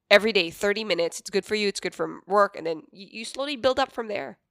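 A woman's voice: medium pitch, animated, quick pace, fairly bright tone, dry recording, clean studio sound. A woman with a Filipino accent co-hosting a call-in show, earnest and thinking aloud in casual chat. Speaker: co-host. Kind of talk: casual chat, mixing Tagalog and English.

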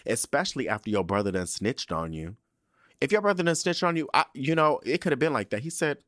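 A man hosting a podcast, recapping a TV episode in an animated, profane, sassy storytelling way. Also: medium pitch, fast talker, dry recording, clean studio sound. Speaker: podcast host.

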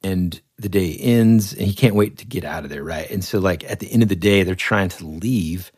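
A man's voice: low-pitched, moderate pace, darkish tone, breathy edge, no room sound, clean studio sound. A man co-hosting a podcast, chatting casually about movies in a laid-back way. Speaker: podcast co-host.

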